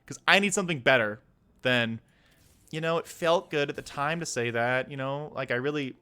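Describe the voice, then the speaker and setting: Heated and swearing, a streamer in his twenties rants about politics, sometimes dropping into a weary plea. His voice is medium-pitched with a sharp tone.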